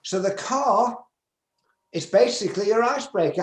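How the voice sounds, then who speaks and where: Man in his 70s, northern English accent, slightly high voice, emphatic conference speaker, roomy echo. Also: unhurried. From England, Manchester. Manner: lively, emphatic, acts out sample conversations. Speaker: business skills speaker. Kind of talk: conference presentation.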